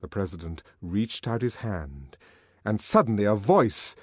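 Expressive male audiobook narrator. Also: fairly low pitch, a little slow, no room sound. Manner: dramatic, expressive reading. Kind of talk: scripted narration.

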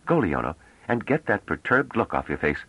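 A man's voice: lowish voice, big pitch swings, normal speed, slightly rough, no room sound, lo-fi sound, exaggerated voice. A man voicing a stern, resolute woman leader in an audiobook, speaking firmly and with command. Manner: firm, commanding. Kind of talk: audiobook character reading.

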